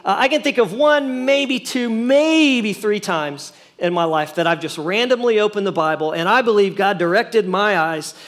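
A man's voice: high voice, normal speed, hardly any pauses, a bit bright. A middle-aged man, a pastor, preaching a sermon in a church in a folksy, conversational way with humorous asides. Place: church sanctuary.

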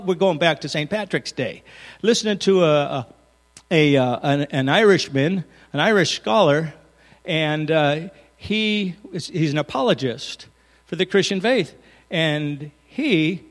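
A man preaching a sermon as pastor, earnest, moving from loud emphasis to hushed, intimate lines. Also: on the high side, in a large hall.

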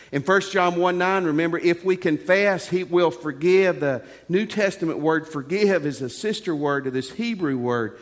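A man's voice: fairly high pitch, big-room sound. A middle-aged male pastor preaching a sermon in an earnest, conversational way, telling stories from his own life.

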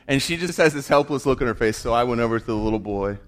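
A man preaching, mid-pitched and conversational. He tells stories with humor and drops to a hush for effect. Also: fairly even intonation. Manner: storytelling with humor, quick shifts from loud to hushed. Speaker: pastor. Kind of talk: sermon.

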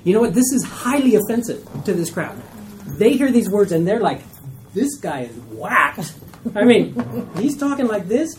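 A woman teaching a Bible study class to a group, animated and acting out skeptical listeners' reactions. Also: mid-range voice, moderate pace, slight background noise. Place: room with a group.

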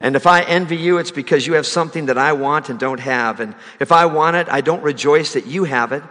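A man preaching a sermon as a pastor, rising to loud, emphatic high passages and dropping soft for key lines. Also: a little fast, in a large hall.

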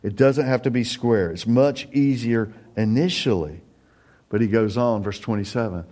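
A man's voice: mid-range voice, normal speed, dark tone. A middle-aged male pastor delivering a sermon in an earnest, conversational tone. He talks plainly to his listeners, then lifts his voice sharply to drive a point home. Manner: earnest, conversational preaching with emphatic rises.

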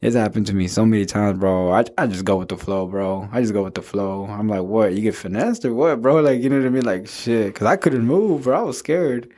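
Young male co-host, slightly low voice, loose rambling storyteller, peppers everything with "bro". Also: brisk, hardly any pauses, darkish tone. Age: young adult. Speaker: podcast co-host. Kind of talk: casual storytelling among friends.

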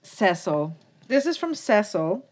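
A woman's voice: mid-range voice, sing-song, takes it slowly, darkish tone. A woman co-hosting a podcast, chatting loosely and giggling as she reads listener letters aloud. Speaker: podcast co-host. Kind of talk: casual chat.

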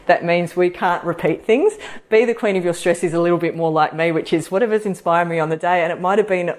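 Woman, middle-aged, lowish voice, chatty, animated, acts out quotes, podcast host. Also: fast. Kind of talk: casual live talk to an audience.

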